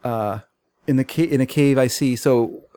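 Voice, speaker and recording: A man's voice: mid-range voice, normal speed, warm tone, no room sound. A man co-hosting a podcast, recapping a comic story in casual chat with wry asides. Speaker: podcast co-host.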